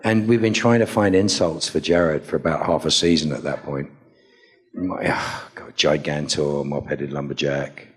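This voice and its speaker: Man, deep voice, middle-aged, convention panel storyteller, animated, playful. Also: normal speed. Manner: animated, playful, acts out quotes with big pitch jumps. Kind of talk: anecdotal storytelling to a live audience.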